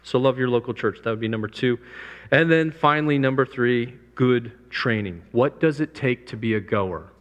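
A man's voice: medium pitch, normal speed, muffled recording. A man preaches a missions talk to a live crowd in an emphatic, repetitive way, leaning on his main points. His voice sits in an ordinary middle register. The sound carries a long hall reverb. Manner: emphatic, repeats key points, lifts voice to press them. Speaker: missions speaker.

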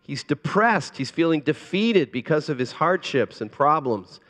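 A man preaching a sermon as a pastor, earnest and pleading, moving between hushed and emphatic delivery. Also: a little high, expressive, a little slow, big-room sound.

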